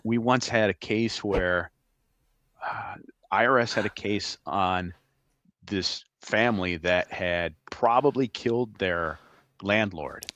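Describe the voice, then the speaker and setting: A middle-aged man, a retired agent, telling animated, laughing anecdotes as a guest in a casual interview. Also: fairly low pitch, slow, no echo.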